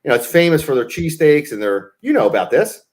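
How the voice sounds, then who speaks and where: A man's voice: a little high, fast, a little hiss or hum. A middle-aged man, co-hosting a show and telling a long casual story full of fillers and swearing. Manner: animated, profane, lots of fillers. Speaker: co-host.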